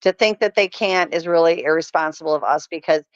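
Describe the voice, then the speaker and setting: A woman's voice: low-pitched, fairly quick, no echo. Middle-aged lady telling a story all earnest, dull lo-fi sound, dry. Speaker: podcast guest. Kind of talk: casual chat.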